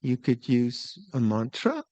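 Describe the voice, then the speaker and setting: An older man teaching meditation at a retreat, talking in a relaxed, musing way with small laughs and restarts. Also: mid-range voice, slow, no room sound. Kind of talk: Dharma talk at a retreat. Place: retreat hall.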